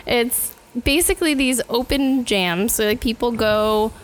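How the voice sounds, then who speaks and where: A woman's voice: on the high side, unhurried, poor audio. A woman speaking as a podcast guest in casual chat, hesitant and full of fillers and laughs.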